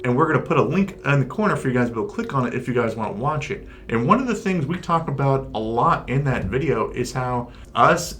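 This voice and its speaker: Chatty guy on a ghost-stories channel, mid pitch, talks fast sometimes, light hiss. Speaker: paranormal podcast co-host. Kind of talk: casual discussion.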